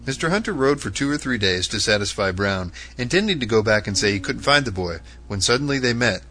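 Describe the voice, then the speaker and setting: A man narrating historical martyr stories in an earnest, measured reading. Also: fairly low pitch, lively intonation, sharp tone. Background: faint guitar music.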